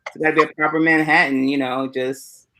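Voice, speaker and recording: A man rambling through casual chat on a livestream, relaxed and wandering, heard over a video call. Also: fairly high pitch, a little fast, poor audio. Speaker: panel guest.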